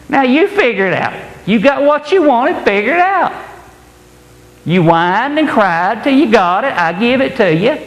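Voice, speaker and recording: A man's voice: extremely high pitch, voice pushed up, heavily acted. A man voicing God as a stern, fatherly male figure, blunt and plain-spoken, recorded in an echoey hall. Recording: echoey hall, roomy reverb.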